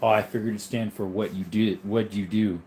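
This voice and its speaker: A lowish, slightly mellow male voice with fairly even intonation moves at a moderate pace, with a little hiss or hum. On his casual livestream he reads viewer chat while sleepy and yawning, answering in a rambling, easygoing way full of ums and asides.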